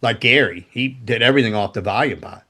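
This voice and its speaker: A former guitar tech in his sixties, an American guest on a podcast, tells profane, rambling road stories casually. His medium-pitched voice moves quickly and sounds pushed and bright, with a breathy edge.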